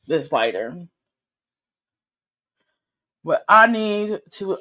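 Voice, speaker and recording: A woman's voice: medium pitch, animated, unhurried. A woman chatting casually on a livestream from home, rambling and playfully teasing her viewers. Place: home at night.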